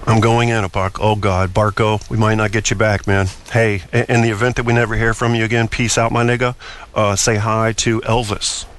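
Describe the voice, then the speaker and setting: A man's voice: fairly low pitch, level tone, fairly quick, a bit bright, a little hiss or hum. A man hosting a solo talk show, speaking in an opinionated, rambling way with frequent stammered restarts. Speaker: podcast host.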